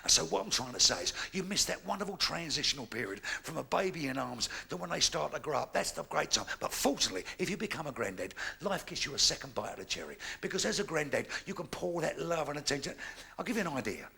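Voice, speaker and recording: An older man doing stand-up comedy, a loud, swearing storyteller. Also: on the high side, big pitch swings, fast talker, gravelly.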